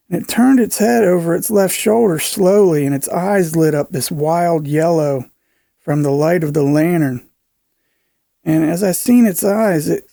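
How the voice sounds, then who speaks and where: Gravelly high-voiced man narrating. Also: warm tone, dry recording, clean studio sound. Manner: earnest, halting with fillers and restarts. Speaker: narrator reading a viewer's email. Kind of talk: storytelling narration of an encounter account.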